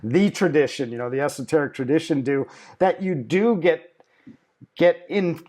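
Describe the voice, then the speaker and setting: A man hosting a conversation from his own house. He thinks aloud in a reflective way, with a fairly high voice. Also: moderate pace, a little mellow. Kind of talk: casual conversation.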